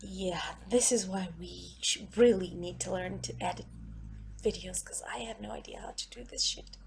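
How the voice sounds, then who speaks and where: A woman's voice: medium pitch, fairly even intonation, moderate pace, creaky. A woman vlogger at home, ranting in an exasperated, emphatic way and swearing freely.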